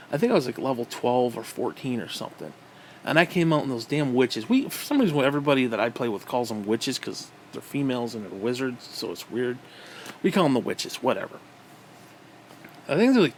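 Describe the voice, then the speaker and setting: A man delivering an angry, profane rant as a gaming vlogger, with loud outbursts. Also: mid-range voice, slight background noise. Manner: profane and aggressive.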